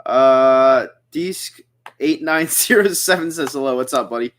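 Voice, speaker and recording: A young man from the Philadelphia area hosts a casual livestream and chats loosely with his viewers. He rambles from comment to comment, reading each one aloud before he answers it. His voice sits at an ordinary middle pitch. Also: measured pace, fairly bright tone. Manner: chatty, rambling, reads chat aloud. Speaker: livestream host.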